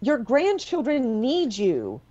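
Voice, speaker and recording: A woman's voice: fairly high pitch, wildly swooping pitch, slow, dark tone, dull audio, heavily acted. A woman playing a blunt, pleading adult daughter confronting her father in a stage play. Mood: angry.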